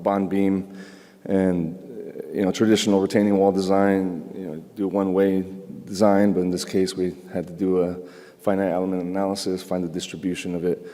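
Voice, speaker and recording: A man explains structural engineering work at a conference in a relaxed way, scattering "you know" through his talk. His voice is very deep, dark and flat in pitch. A long hall reverb trails his words. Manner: casual, many "you know" fillers. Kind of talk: conference presentation.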